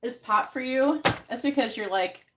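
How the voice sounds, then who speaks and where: A woman's voice: a little high, normal speed, noisy background. A woman from New York hosting a livestream as a tarot reader, chatting casually and rambling, often laughing. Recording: roomy sound, distant from the mic.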